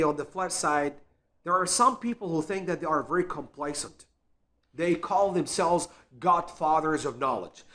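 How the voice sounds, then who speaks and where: A man's voice: high-pitched, a bit bright. A man and English teacher giving an earnest, encouraging spoken lesson, repeating words to show pronunciation.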